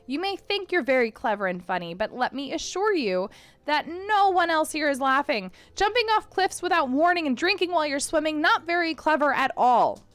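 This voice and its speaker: A woman voicing a young female scientist who scolds urgently and loudly. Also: high voice, animated, normal speed, no room sound, pitched above the performer's own voice. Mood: scolding.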